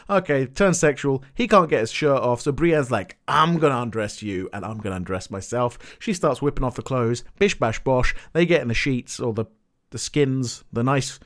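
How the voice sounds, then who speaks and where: A young man rants through a TV episode recap, casual and animated. He swears freely and breaks into exasperated outbursts. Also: mid-range voice. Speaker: TV recap vlogger.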